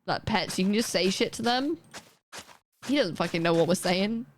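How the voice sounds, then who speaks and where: A young woman chatting casually on a live gaming stream, rambling and self-deprecating with quick asides. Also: mid-range voice, lively intonation, a little hiss or hum. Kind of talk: casual chat while gaming.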